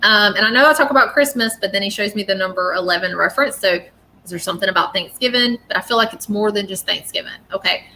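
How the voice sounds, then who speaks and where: Bright-voiced chatty woman medium. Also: medium pitch, fast talker, a little hiss or hum. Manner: chatty and earnest, many fillers and "okay?". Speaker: psychic medium. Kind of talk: live-stream reading, casual talk. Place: home.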